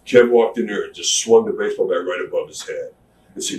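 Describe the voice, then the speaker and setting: A man's voice: deep voice, fairly quick, a little hiss or hum. A middle-aged man, a retired pro wrestler, telling stories in a candid sit-down interview, acting out what people said. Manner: drawling, animated retelling with acted-out quotes. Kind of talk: shoot interview, candid storytelling. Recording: roomy, distant mic with faint ambience.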